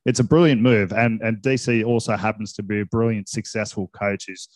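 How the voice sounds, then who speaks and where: Male host, low-ish voice, friendly and chatty, dry close sound. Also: fairly even intonation, a little fast, darkish tone, no echo. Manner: friendly and chatty, with lots of "mate" and restarts. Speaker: interview host, club rugby player. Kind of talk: casual interview chat.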